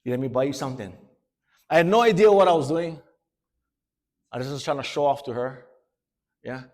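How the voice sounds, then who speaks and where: A man from Hawaii with a Hawaiian Pidgin accent, a speaker telling a story to students in an animated, laughing way, slipping into character voices. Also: medium pitch, a little fast. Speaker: motivational speaker.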